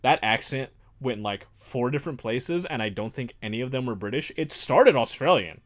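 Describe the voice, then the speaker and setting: Man, livestream host, casual rambling chat, self-mocking, lively up-and-down pitch. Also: normal speed. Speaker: livestream host building a model kit.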